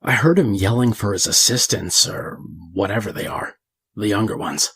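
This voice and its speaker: A man doing a crude older convict, foul-mouthed yarn-spinner, very low voice, husky. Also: lively intonation, normal speed, fairly bright tone, dry recording, exaggerated voice. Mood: vulgar yarn. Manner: crude, profane storyteller. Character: crude older male convict telling a gross tale. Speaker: narrator.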